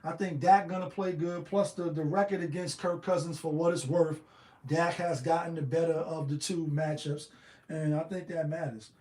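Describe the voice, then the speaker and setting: A man runs through his betting picks in a loose, slangy solo talk. His voice sits high for a man, and he keeps throwing out rhetorical questions with animated energy. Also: normal speed, echoey room. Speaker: sports betting show host.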